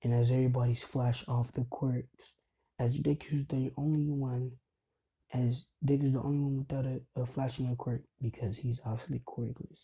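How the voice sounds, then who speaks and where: A man talks through a homemade story in an easygoing, meandering way. His voice is very dark and mellow, with a husky edge. His pitch sits in a middle range for a man. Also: flat delivery, moderate pace, dull audio. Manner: rambling, loose retelling. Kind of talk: casual fan-fiction retelling.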